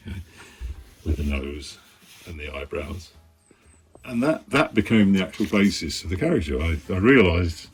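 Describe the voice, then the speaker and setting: A man with a deep voice talks through his sketchbook in his studio. He rambles loosely, mutters asides under his breath, swears casually and chuckles along the way. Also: sing-song, moderate pace, long pauses, faint music behind. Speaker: cartoonist.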